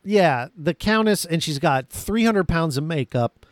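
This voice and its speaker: A man co-hosting a casual movie discussion, animated and acting out lines from scenes. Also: fairly high pitch, unhurried, dry recording. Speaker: podcast co-host.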